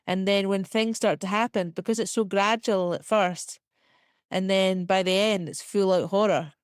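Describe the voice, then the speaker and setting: A young woman with a Scottish accent, a comedian talking chattily as a podcast guest, full of "like" and quick laughs. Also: mid-range voice, fairly even intonation, clean tone, no echo, clean studio sound. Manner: chatty, filler-heavy, quick self-deprecating laughs. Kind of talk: casual podcast interview.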